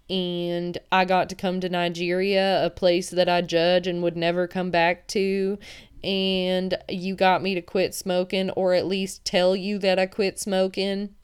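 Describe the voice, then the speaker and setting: A woman voicing a made-up woman sarcastically listing the small ways her fiancé has changed her life, in a mocking deadpan. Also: lowish voice, clean tone, lightly acted. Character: sarcastically imagined woman listing petty gains.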